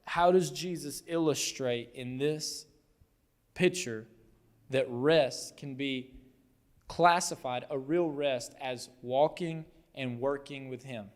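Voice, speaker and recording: A man's voice: mid-range voice, takes it slowly. A man preaching a sermon as pastor, telling the story conversationally and acting out the quotes with animation. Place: church hall. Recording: long hall reverb.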